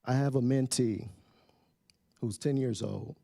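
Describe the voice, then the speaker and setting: Dark, hesitant man at a council podium. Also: medium pitch, unhurried, creaky, dry recording, studio quality. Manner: hesitant, full of fillers and restarts, often trailing off softly. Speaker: public commenter. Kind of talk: public comment speech. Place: city council meeting chamber.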